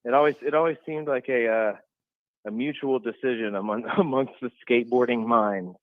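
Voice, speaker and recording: Male co-host on call, easygoing hedger, mid pitch, tinny phone-line sound. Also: normal speed, no echo. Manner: easygoing, hedging with "I don't know". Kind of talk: casual chat.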